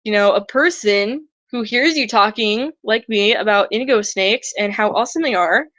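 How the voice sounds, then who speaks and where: A woman's voice: moderate pace, fairly bright tone, dry recording. A young woman talking casually and earnestly about reptile conservation in a vlog, chatty with many restarts. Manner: earnest, chatty, mimics other people in high squeaky voices.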